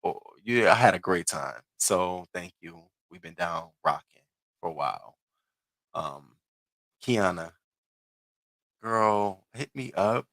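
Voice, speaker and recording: A man in his thirties chats casually on a livestream, answering viewers' comments and now and then mimicking people in a higher voice. His low voice has a bright, forceful edge and sounds dry and close. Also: expressive, takes it slowly, gravelly, pauses often, no echo. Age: 30s. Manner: chatty, reads viewers' comments aloud and answers them. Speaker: livestream host.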